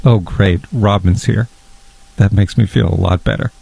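A fussy, touchy fondue lover , played by a man, who stammers and restarts every sentence. His voice is low, gravelly and husky, with a dark, mellow tone. He explains things earnestly and at great length. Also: steady tone, normal speed, exaggerated voice. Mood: resigned. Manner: earnest and long-winded, keeps restarting. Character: awkward fussy fondue-loving man, easily hurt. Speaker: guest.

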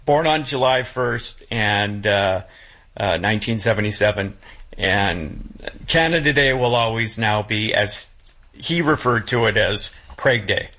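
A man with a low, husky voice speaks in a casual chat, stopping and restarting his sentences. He sounds emotional, close to tears. The audio is a bit muffled. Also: expressive, pushed and bright. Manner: halting, many restarts and fillers.

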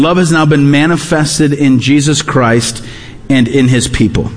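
High-voiced man preaching in a hall. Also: moderate pace. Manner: emphatic, repeats key phrases. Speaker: pastor. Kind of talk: sermon.

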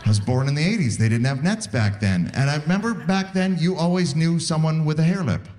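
A man's voice: a little high, brisk. A man, performing a stand-up comedy routine and acting out the voices in his stories. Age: 40s. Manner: animated storytelling, acts out voices.

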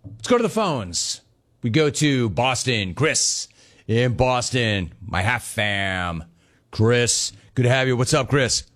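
A man's voice: mid-range voice, expressive, takes it slowly, a bit bright. A man hosting a sports talk radio show, ranting and telling stories with sarcasm, mimicking callers and his own family.

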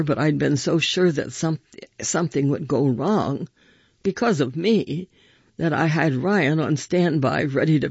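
A man reading first-person stories aloud with measured, expressive storytelling. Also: on the high side, creaky, slightly rough, dry recording, muffled recording.

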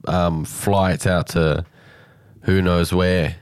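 A man's voice: deep voice, flat delivery, drawn-out words, smooth. A man hosting a radio show from a studio, talking in a playful, upbeat and jokey way. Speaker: radio host. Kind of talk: casual radio banter.

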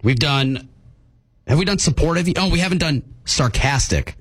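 A man's voice: a little high, expressive, normal speed, a bit bright, husky, no room sound. A man co-hosting a radio show, joking around and laughing often as he acts out silly lines. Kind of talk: playful banter on radio.

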